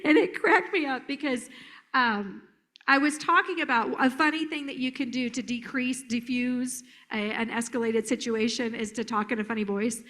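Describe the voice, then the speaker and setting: A woman giving a live conference talk as a therapist, animated and joking, slipping into silly voices. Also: on the high side, moderate pace.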